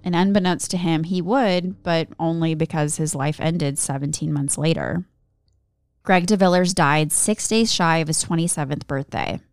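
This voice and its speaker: A woman tells a true-crime story on a podcast, settling into steady narration between bouts of banter. Her voice sits a little low and comes across smooth and clear. The recording is close and dry. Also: moderate pace, no echo. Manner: giggly, chatty banter between story segments.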